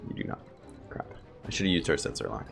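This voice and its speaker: A man casually commentating a game he plays, chatty and thinking aloud to his viewers. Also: fast. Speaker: gameplay video host. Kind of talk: casual let's play commentary. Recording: game music playing behind.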